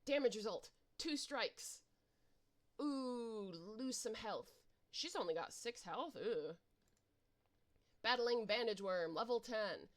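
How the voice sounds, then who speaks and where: A woman reading a webcomic adventure aloud in an informal, animated way, narrating the dice rolls and action with playful reactions. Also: a little high, takes it slowly, pauses often. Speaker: reader and narrator.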